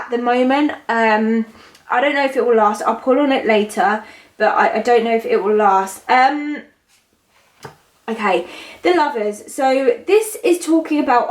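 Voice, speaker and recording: A young woman doing a casual tarot reading to camera, chatty and rambling with frequent ums. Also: on the high side. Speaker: psychic tarot reader.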